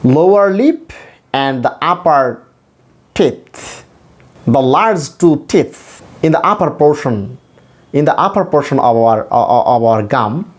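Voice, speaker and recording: A man teaching English pronunciation, slowly sounding out consonants one at a time and explaining where the lips and teeth go. His first language is Bengali. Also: mid-range voice, animated. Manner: slow, demonstrative, sounds out consonants. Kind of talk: phonetics lesson.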